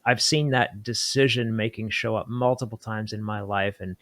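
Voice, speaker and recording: A man's voice: fairly low pitch, steady tone, normal speed, fairly bright tone, no echo. A man hosting an interview podcast, speaking enthusiastically and addressing the viewers directly. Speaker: podcast host.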